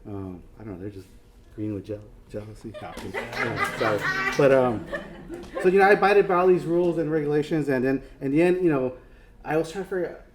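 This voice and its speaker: A man's voice: medium pitch, animated, quick pace, background noise. A man giving a casual artist talk, rambling and self-deprecating, with many fillers and restarts. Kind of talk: casual lecture.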